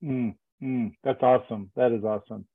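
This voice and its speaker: Podcast host guy, halting and restarting, sounds like a phone call, dry. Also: medium pitch, fairly even intonation, no room sound. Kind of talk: casual interview.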